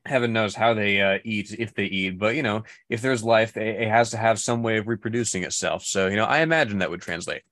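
A man co-hosting a casual book podcast, speaking in a halting, wry way with plenty of uhs and ums. His voice sits on the lower side. The recording is dry and close. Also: fairly bright tone, no echo. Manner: wry, halting, hesitant with fillers. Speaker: podcast co-host.

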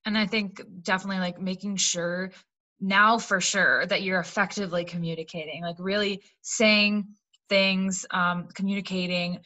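A woman's voice: medium pitch, steady tone, normal speed, pushed and bright. A woman giving earnest conversational advice, with frequent "like" and "um" fillers.

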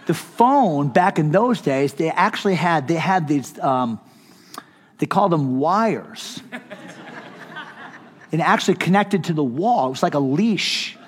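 A man's voice: a little high, expressive, a little slow, long reverb tail. A middle-aged man, a pastor, preaching a sermon in an impassioned, conversational storytelling way with touches of humor. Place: conference hall.

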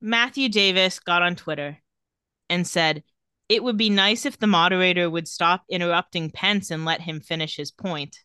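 Woman podcast co-host, casual wry recap; bright, smooth voice, dry close sound. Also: lowish voice, normal speed, no echo. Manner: recounting tweets with wry commentary.

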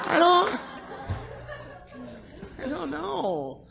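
High-voiced man telling stand-up jokes. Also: lively intonation, brisk, loud music behind the voice, a loud crowd. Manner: joking storytelling with sung bits. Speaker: stand-up comedian. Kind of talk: stand-up comedy set.

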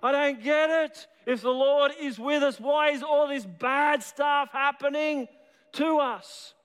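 A man's voice: very high-pitched, slow pace, fairly bright tone, big-room sound, voice pushed up, exaggerated voice. A man voicing a timid, overly polite young Englishman with a put-on English accent, prim and apologetic. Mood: bewildered.

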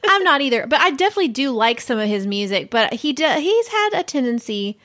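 A woman's voice: high-pitched, big pitch swings, a little fast, pushed and bright. A woman co-hosting a podcast in casual chat, playful and teasing. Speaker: podcast co-host.

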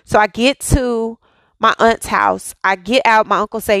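A woman's voice: fairly high pitch, a little slow, a bit bright, no room sound, rough recording. A woman in her thirties hosting a devotional podcast, telling a personal testimony in a conversational way and often checking in with "okay?". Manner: storytelling, conversational, emphatic "okay?" asides.

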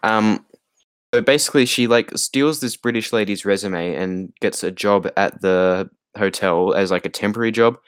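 A tired man rambles casually through a film recap, piling on fillers and laughing often. His voice sits low and sounds dry and close, with no room around it. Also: moderate pace, clean tone, no room sound. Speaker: podcast co-host. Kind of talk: casual chat about a film.

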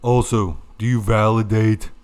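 A man doing an impression of a loud, ranting elderly male politician who fires off indignant rhetorical questions. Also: fairly low pitch, fairly even intonation, a little slow, clear, resonant tone, natural voice.

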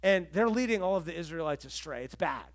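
Conversational pastor, man, fairly high voice. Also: expressive, fast talker. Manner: conversational storytelling, acts out quotes. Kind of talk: sermon.

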